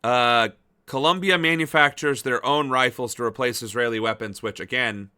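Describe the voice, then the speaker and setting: A man's voice: mid-range voice, moderate pace, bright, forceful tone, smooth. A man hosting a political livestream, commenting casually with sarcasm and disbelief and swearing freely.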